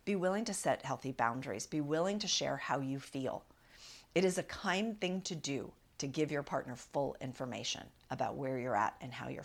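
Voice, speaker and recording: A woman hosting an advice podcast as a relationship coach, talking in a direct, encouraging way and often checking in with listeners. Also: low-pitched.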